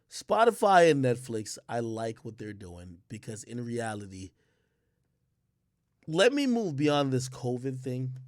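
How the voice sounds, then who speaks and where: A man's voice: mid-range voice, dry recording, studio quality. Emphatic slangy man ranting. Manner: emphatic, slangy, rambling with restarts. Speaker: streamer and commentator. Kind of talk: casual opinion rant.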